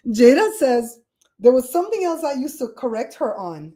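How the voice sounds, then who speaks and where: A woman with a Caribbean accent hosting a casual livestream show, chatty and animated as she tells stories and rants about grammar. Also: on the high side, brisk. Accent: Caribbean English. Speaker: podcast host. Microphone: streaming setup microphone.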